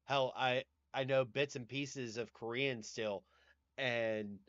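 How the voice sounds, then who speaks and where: A man's voice: medium pitch, a bit bright, clean tone, no echo, highs cut off. A man with a Southern US accent, hosting a livestream in casual, rambling chat and swearing casually. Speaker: livestream host.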